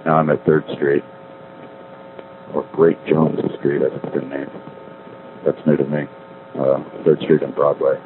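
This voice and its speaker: A man's voice: a bass voice, flat delivery, a little slow, pauses often. A middle-aged man calling from a street payphone, rambling wryly and correcting himself as he talks. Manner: meandering, self-correcting, wry. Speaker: caller leaving a spoken diary. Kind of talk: rambling casual monologue. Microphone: payphone handset. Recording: tinny payphone line with faint street noise.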